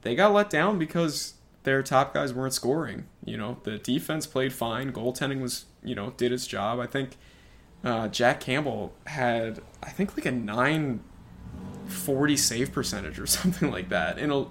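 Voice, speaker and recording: In a relaxed sports chat, this male podcast co-host sounds tentative and uses lots of filler words. He speaks at a moderate pace in a mid-range, fairly bright voice.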